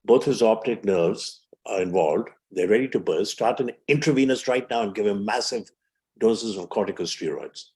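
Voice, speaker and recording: A man's voice: fairly low pitch, moderate pace, a little mellow. A man in his seventies from India, telling vivid stories as a podcast guest and acting out the voices he quotes. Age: 70s. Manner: vivid storyteller who acts out quoted voices. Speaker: physician guest. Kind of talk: storytelling in a podcast interview.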